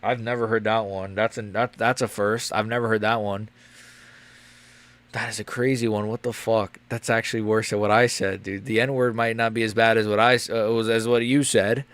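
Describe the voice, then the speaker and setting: A young man live-streaming a fight watch-along, rambling and crude, quick to get loud. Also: on the low side, level tone.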